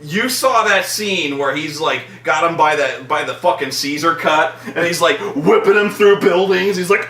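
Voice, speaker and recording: A man's voice: fairly high pitch, unhurried. A man hosting a vlog, ranting casually and profanely about a film. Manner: profane, animated ranting with mocking put-on voices. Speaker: vlog host. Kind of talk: casual movie-review rant. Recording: echoey room, mic at a distance.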